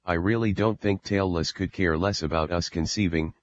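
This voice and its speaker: A man's voice: low-pitched, fairly even intonation, moderate pace, lo-fi sound, close to an everyday voice. A man voicing a stubborn, argumentative young man in an audiobook. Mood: arguing.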